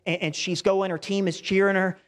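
A man's voice: high-pitched, flat delivery, a little fast, in a large hall. A male pastor preaching a sermon in a conversational style, with asides to the congregation.

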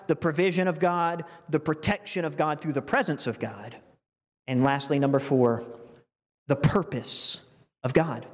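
Earnest male preacher, lingering church reverb. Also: a little high. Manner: earnest, emotional storytelling with many restarts. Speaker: pastor. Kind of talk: sermon. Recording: long reverb from a large hall.

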